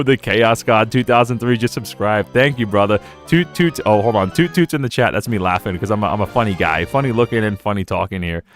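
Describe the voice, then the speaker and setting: A young man streaming a game, rambling casually, laughing often and slipping into silly quoted voices. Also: fairly low pitch. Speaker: gaming streamer. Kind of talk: casual live-stream commentary.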